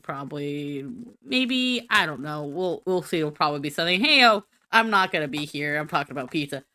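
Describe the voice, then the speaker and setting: A woman's voice: low voice, expressive, a little fast, sharp tone. A woman streamer doing a silly, rambling, self-mocking be-right-back rant.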